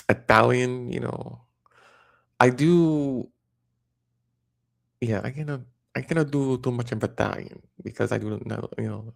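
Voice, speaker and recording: A man's voice: medium pitch, vocal fry, dry recording, clean studio sound. A man hosting a livestream, rambling in casual chat with lots of fillers and restarts. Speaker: livestream host.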